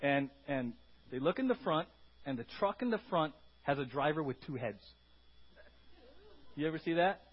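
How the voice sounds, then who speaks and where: Male pastor, husky, high-pitched, animated sermon delivery, dull lo-fi church sound. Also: normal speed, pauses often. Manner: animated, calls out "Amen?" and "right?" to the congregation; acts out quoted voices with sudden loud, high outbursts. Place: church hall before a congregation.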